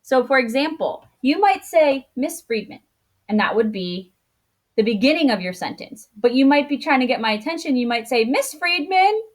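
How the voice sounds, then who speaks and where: A woman teacher explains grammar to children in a slightly high voice. She goes patiently step by step and thinks aloud as she works. She puts on exaggerated rises in pitch to show how the voice changes. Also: expressive, fairly quick. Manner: acts out intonation with exaggerated pitch jumps; self-correcting, thinks aloud. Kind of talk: online grammar lesson for children.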